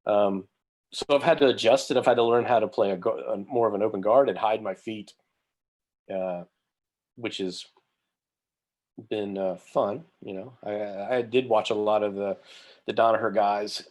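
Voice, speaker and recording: A man's voice: lowish voice, fairly even intonation, normal speed, long pauses, darkish tone. A man talking as a guest on a podcast over a video call, rambling with fillers and poking fun at himself. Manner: rambling, self-deprecating, many fillers. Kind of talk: casual interview chat.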